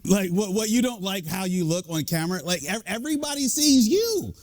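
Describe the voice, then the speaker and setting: A man, an executive coach and leadership speaker, giving a lively, joking talk to a live audience. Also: high voice, a little fast. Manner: lively, joking, animated delivery.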